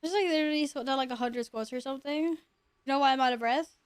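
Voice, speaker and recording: A woman streams a game and chats with her audience in a loose, teasing way, laughing often. Her voice sits high. The sound is dry and close, with no room around it. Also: fast talker, dry recording. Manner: chatty, greets viewers and jokes with them. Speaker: live streamer. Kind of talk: casual live-stream chat while gaming.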